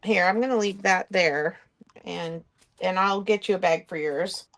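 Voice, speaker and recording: Woman running a live sale stream, gravelly voice, lots of ums and laughs. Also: lowish voice, measured pace, a bit bright. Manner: chatty, laughs often, fills with ums. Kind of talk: live-stream sales chat.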